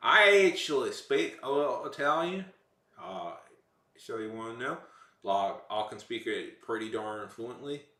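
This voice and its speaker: Streaming as he draws, a man chats casually with viewers, rambling, playful and joking. His medium-pitched voice is expressive, bright and forceful, a little slow, and sounds reverberant.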